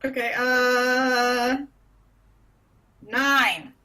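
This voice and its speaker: A woman's voice: high voice, steady tone, very slow, sharp tone. A woman playing a tabletop game, speaking in a hesitant, tentative manner. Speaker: player. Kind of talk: casual tabletop game play.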